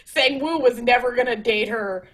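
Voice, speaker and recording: A woman's voice: a little high, normal speed, a bit bright, rough recording. A young woman hosting a podcast, chatting casually and animatedly, laughing and swearing as she acts out quotes. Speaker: podcast host. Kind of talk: casual chat.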